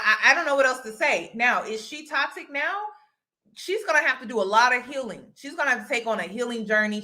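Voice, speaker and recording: A woman's voice: mid-range voice, sharp tone. Woman giving firm casual commentary. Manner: explains firmly, repeats points for emphasis. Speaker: commentary host.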